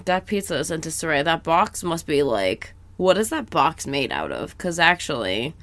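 A woman co-hosts a loose, casual podcast chat, rambling through her points and peppering them with "like" and quick laughs. Her voice sits a little lower than most women's. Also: big pitch swings, a bit bright. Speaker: podcast co-host.

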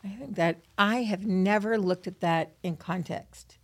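A woman's voice: mid-range voice, measured pace. A woman co-hosting a scripture lesson, reflecting thoughtfully and searching for her words as she goes. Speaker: podcast co-host.

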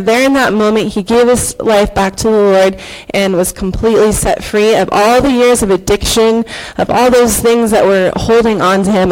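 A woman's voice: medium pitch, a little mellow, low-quality recording. A woman in her thirties giving an earnest, emotional personal faith testimony on a church stage, with hesitant fillers. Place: church stage before an audience.

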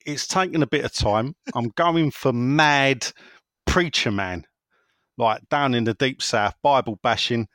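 A man's voice: mid-range voice, a little slow, fairly bright tone, no echo. A man hosting a casual podcast, reading listener messages in a rambling, jokey way. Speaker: podcast host.

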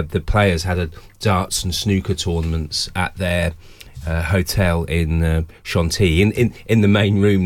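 A man who is a football journalist, telling a story on a panel with many restarts and repeated words. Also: low voice. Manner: halting, repeats words when starting sentences. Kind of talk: casual panel chat.

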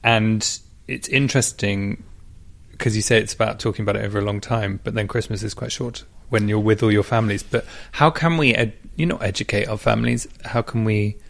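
Male host, reflective conversational manner, low voice with fry. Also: fairly even intonation, fairly quick. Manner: thoughtful, asks questions. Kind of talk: casual conversation.

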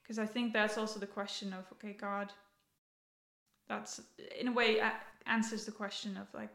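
A woman's voice: medium pitch, level tone, moderate pace, gravelly, a bit bright. A young woman, a podcast guest, talking casually and thoughtfully, often repeating herself and laughing easily. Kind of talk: casual chat. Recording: echoey room.

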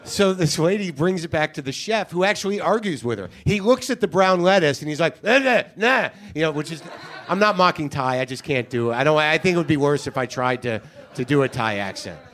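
A man's voice: fairly high pitch, expressive, brisk, a bit bright. A man hosting a podcast, telling an exasperated, profane story in a casual comedic monologue. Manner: ranting, profane, incredulous storytelling. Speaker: podcast host.

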